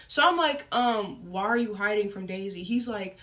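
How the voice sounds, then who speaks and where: A woman's voice: fairly high pitch, unhurried, recorded from a distance. Chatty young woman telling a story. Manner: chatty, filler-heavy, animated retelling. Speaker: storyteller vlogger. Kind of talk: casual storytime chat.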